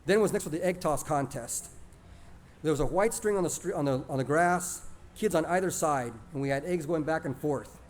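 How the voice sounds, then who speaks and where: A man's voice: fairly high pitch, moderate pace. A man narrating a first-person childhood story in a plain, conversational way. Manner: lively, plainspoken, conversational retelling.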